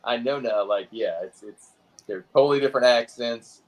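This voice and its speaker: A man's voice: medium pitch, moderate pace. A man chatting casually, thoughtful and hesitant, with many fillers as he speaks. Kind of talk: casual chat.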